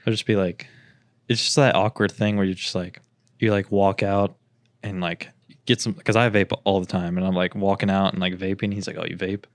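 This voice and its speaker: A young man on a podcast rambles through stories in a fairly low voice, swearing freely and putting on quick impressions of others. The sound is dry and close, with no room around it. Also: little pitch movement, no echo. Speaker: podcast co-host. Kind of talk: casual chat.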